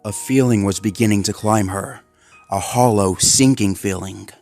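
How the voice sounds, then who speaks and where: A man narrating a dark horror story in a measured way. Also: on the low side, faint music behind.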